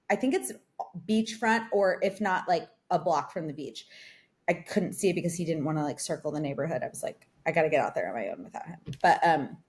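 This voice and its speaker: A young woman co-hosting a podcast from a remote setup, telling a long story in casual chat and saying "like" often. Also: on the low side. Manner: rambling storyteller, heavy use of "like". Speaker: podcast co-host. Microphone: remote recording.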